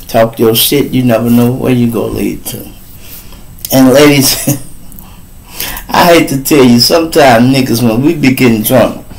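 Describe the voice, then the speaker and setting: A man's voice: medium pitch, vocal fry, poor audio. A man with a Chicago accent, hosting a live talk show and telling crude stories, laid-back and speaking straight to his listeners. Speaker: show host.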